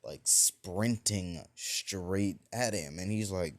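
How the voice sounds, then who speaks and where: A man's voice: low voice, takes it slowly. A man improvising a fan-fiction story, rambling and full of fillers and restarts.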